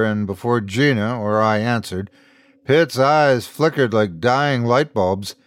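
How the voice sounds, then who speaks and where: A man's voice: mid-range voice, clear, resonant tone, no echo. A man narrating a scripted horror story as host, in a dry, close recording. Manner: storytelling, expressive.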